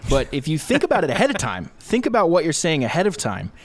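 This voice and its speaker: A young man, a video creator, talking through his work process in a relaxed, chatty interview. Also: on the high side, quick pace, dry recording. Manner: explains step by step, relaxed and talkative. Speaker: YouTube creator, guest. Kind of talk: casual conversational interview. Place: home studio room.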